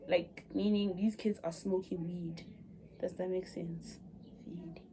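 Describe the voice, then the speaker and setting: A woman's voice: fairly low pitch, fairly even intonation, takes it slowly, warm tone, a little hiss or hum. A young woman telling a dramatic story in a chatty vlog, speaking straight to her viewers. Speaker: vlogger. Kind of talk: casual storytime.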